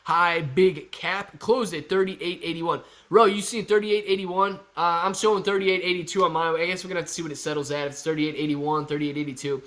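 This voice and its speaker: Excitable male livestream host. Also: a little high, brisk, hardly any pauses. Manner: excited, calls out prices like an auctioneer. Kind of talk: live stock-market chat reading viewer comments.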